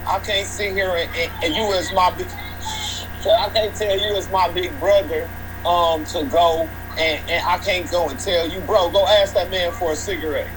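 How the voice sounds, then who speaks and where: Slow, reflective high-voiced man. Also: steady tone, over music, poor audio. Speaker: guest. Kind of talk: casual conversation.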